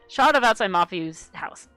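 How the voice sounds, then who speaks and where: A woman's voice: lowish voice, fairly bright tone, no room sound. A woman streamer reading her own webcomic aloud, giggly and rambling, swearing casually. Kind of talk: casual live-stream commentary.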